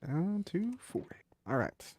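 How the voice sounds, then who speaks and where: A man's voice: high-pitched, big pitch swings, a little slow, a little mellow, slightly rough. Man, casual game chat, easygoing, short replies, mock groans. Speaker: opponent in the card game.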